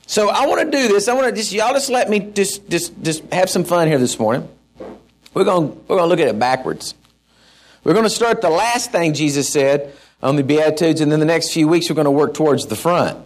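Man, middle-aged, high-pitched, folksy animated sermon. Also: brisk. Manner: folksy, animated, with asides and shouted mock-rants. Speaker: pastor.

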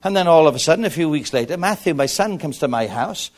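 A middle-aged man preaching a sermon, telling stories with animated repetition. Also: a little high, fast talker. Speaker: pastor.

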